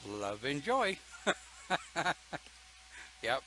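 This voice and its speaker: A man's voice: mid-range voice, big pitch swings, very slow, bright, forceful tone, slight background noise, poor audio. An older man leading an online pagan church talk, folksy and chatty, reading viewer comments and laughing often.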